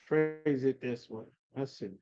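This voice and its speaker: A man's voice: medium pitch, measured pace, music in the background. A man teaching a live online scripture class. He calls on students by name, coaxing and chiding them in a slangy, casual way. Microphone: video call. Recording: lo-fi livestream audio.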